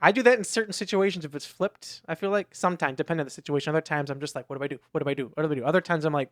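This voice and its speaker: A man's voice: fairly high pitch, very fast, no echo, clean studio sound. A man co-hosting a podcast, telling a rambling story in casual chat with lots of restarts. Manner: rambling storytelling with many restarts and acted quotes. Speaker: podcast co-host.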